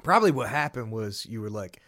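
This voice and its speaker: A man's voice: fairly low pitch, big pitch swings, a little fast, fairly bright tone. A man chatting as a podcast guest, chatty and laughing often, repeating himself. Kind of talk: casual chat.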